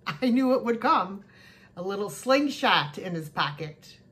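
A woman's voice: mid-range voice, animated, unhurried, fairly bright tone. A woman chatting casually to camera as she shows her yard sale haul, gushing over each cute find. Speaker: thrift haul vlogger. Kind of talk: casual show-and-tell chat.

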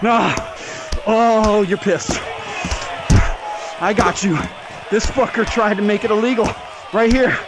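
A man ranting profanely and angrily while boxing in a VR game, out of breath from the workout, with shouted outbursts. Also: high voice, fairly even intonation, takes it slowly, crowd noise. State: out of breath from exercise. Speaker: VR fitness vlogger. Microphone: VR headset mic.

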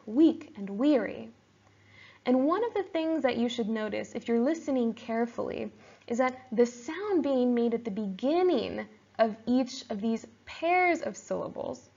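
Gravelly-voiced woman teaching poetry. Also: a little high, muffled recording. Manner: steady explanatory teaching, reads verse aloud slowly. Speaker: English teacher. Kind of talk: recorded poetry lesson.

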